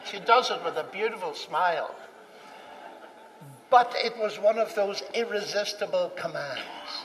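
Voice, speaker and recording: An unhurried man with a high voice tells a personal story, animated and acting out the dialogue. A distant mic in a reverberant hall picks him up, along with a little hiss or hum.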